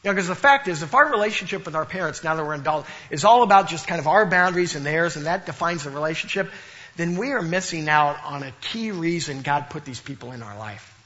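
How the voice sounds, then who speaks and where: A man's voice: fairly high pitch, bright, forceful tone, lo-fi sound. A middle-aged man preaching a sermon, telling stories and playfully imitating the people in them. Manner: storytelling with playful, exaggerated imitations. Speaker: pastor.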